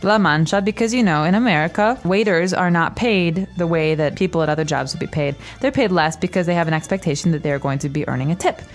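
Low-voiced woman teaching on a podcast. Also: fast talker, hardly any pauses, soft background music. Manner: clear, explanatory, laughs easily. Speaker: co-host, language teacher. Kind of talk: language lesson podcast chat.

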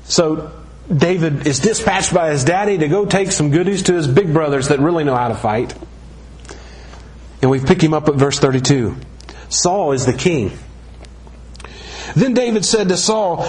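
Conversational preacher man, slightly high voice. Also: normal speed, a little mellow. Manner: conversational, joking, storytelling. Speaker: pastor. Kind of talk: sermon.

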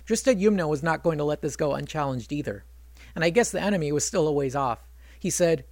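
A man's voice: on the high side, expressive, fairly quick, a little mellow, no room sound. A man retelling an epic in casual storytelling with chatty, wry asides.

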